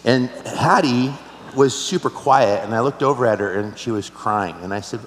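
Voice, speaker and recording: A man's voice: mid-range voice, normal speed. Earnest man preaching in a reverberant hall. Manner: earnest, personal storytelling with rhetorical questions. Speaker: pastor. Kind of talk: sermon. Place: large church hall. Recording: roomy hall with long reverb.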